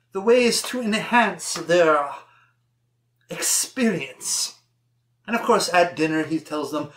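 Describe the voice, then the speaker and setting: A man's voice: high voice, fairly bright tone, echoey room. A young man casually reviewing a horror movie, irreverent, sarcastic and profane, laughing often.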